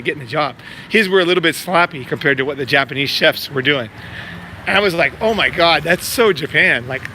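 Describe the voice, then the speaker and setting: A man talks to camera outdoors on a city street, his fairly high voice bright and sharp-edged. He rambles, swears and piles on fillers and repeated words, with faint street noise behind him. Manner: profane, filler-heavy, repeats himself. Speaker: vlogger promoting a meetup. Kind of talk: casual rambling vlog talk.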